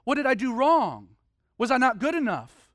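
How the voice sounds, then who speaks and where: A man voicing a small, gentle and innocent lamb in a sermon story, speaking softly and pleadingly. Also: extremely high pitch, sing-song, normal speed, no echo, clean studio sound, heavily acted. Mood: tender.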